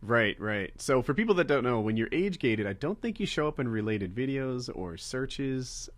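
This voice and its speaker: A man hosts a casual podcast chat, joking and animated, with a voice that swings widely in pitch. The sound is dry and close. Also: normal speed, no room sound. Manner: animated, jokey, mimics others. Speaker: podcast host.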